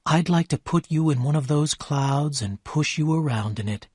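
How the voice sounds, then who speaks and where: Brief: emotional, excitable young woman, gushing and higher-pitched, read by a man. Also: moderate pace, breathy edge, no echo, studio quality.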